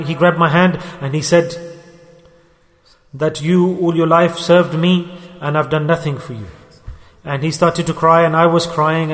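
Male preacher, middle-aged, high voice, story-driven sermon, reverberant hall. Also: fairly bright tone. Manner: storytelling, acts out dialogue, rising and falling delivery. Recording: echoey hall with long reverb.

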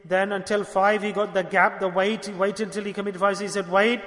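A man preaching a sermon, animated, questioning his listeners and acting out dialogues. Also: sits high, brisk, in a large hall.

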